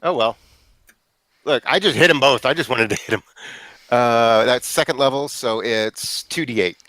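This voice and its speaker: A man's voice: mid-range voice, normal speed, pushed and bright, dry recording. A man playing a tabletop game who talks through his moves playfully and acts out sound effects. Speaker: player.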